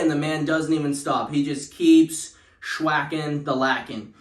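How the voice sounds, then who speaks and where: A man's voice: fairly high pitch, expressive, moderate pace, hardly any pauses, reverberant. A young man telling a parody spooky story in a rambling way, with lots of fillers and restarts.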